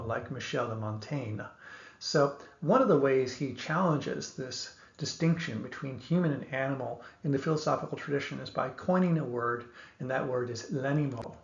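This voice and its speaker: A man giving an explanatory lecture, speaking in a measured way and thinking aloud with small restarts. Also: medium pitch, creaky. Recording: echoey room, dull lo-fi sound.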